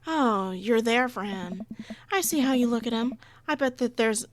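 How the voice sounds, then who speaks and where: A woman's voice: fairly high pitch, lively intonation, moderate pace, no echo, lightly acted. A woman voicing a catty, jealous married woman, reading her game lines in a cutting, passive-aggressive way. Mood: snide. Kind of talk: reading game dialogue aloud.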